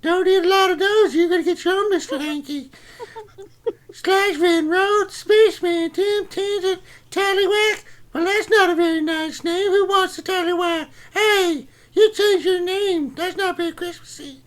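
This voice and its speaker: A man doing a very high, squeaky voice as a cheery male Christmas poo character, shrill and giggly. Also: steady tone, measured pace, a bit bright. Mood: jolly. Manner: shrill, giggly, rowdy and crude. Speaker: live stream co-host.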